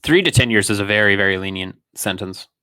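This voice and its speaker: A man co-hosting a podcast, chatting casually with dry, quick-witted remarks. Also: on the low side, pushed and bright, smooth, no room sound. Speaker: podcast co-host. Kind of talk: casual chat.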